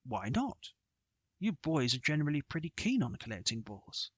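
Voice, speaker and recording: A man voicing a blustering older gentleman golfer who talks in clipped, jovial, brusque phrases. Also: a little high, sing-song, normal speed, breathy edge, dry recording, muffled recording, heavily acted. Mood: prodding.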